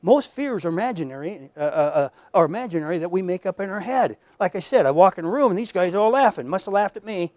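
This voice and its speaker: A man's voice: high-pitched, lively intonation, fast talker, hardly any pauses, darkish tone, no echo. A man lecturing at a workshop in a conversational, emphatic way, often repeating words and speaking straight to his audience. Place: lecture room.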